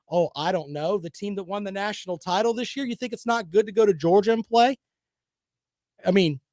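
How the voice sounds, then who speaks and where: A man's voice: sits high, darkish tone, no echo, studio quality. A man hosting a sports talk show, delivering opinionated, sarcastic commentary in a combative, rambling way.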